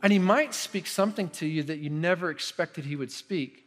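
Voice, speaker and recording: A male pastor preaching a sermon in an earnest, conversational way that drops to hushed intensity. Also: a little high, normal speed, soft background music.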